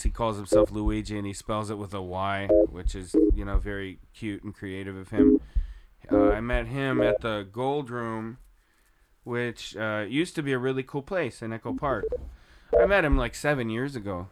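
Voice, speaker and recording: A man's voice: lowish voice, measured pace, slight background noise. A young man guesting on a podcast, laid-back, laughing often and swearing casually. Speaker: guest musician.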